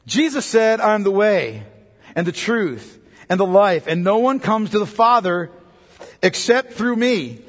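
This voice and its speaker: A man delivers a sermon from the pulpit in a rather high voice. He moves between loud, emphatic peaks and quiet, low stretches. A long reverb trails each phrase, as in a large hall. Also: lively intonation, measured pace. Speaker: pastor.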